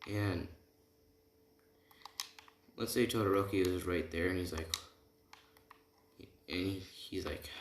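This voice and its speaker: Slow and low-pitched, the man spins an improvised anime fan tale with frequent pauses and a steady stream of "like" and "right?" fillers. The home recording sounds roomy and noisy, with typing underneath.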